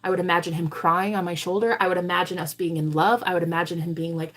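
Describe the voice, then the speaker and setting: Her voice sits on the low side and moves briskly. Hosting a live tarot stream, she tells viewers an animated story with no sugarcoating and a lot of cursing.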